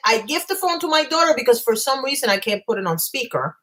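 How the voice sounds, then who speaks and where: A woman vlogger on a live stream at home, telling a story in a fast, agitated rush and stumbling over her words. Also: on the high side, expressive, bright, forceful tone, poor audio. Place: home apartment.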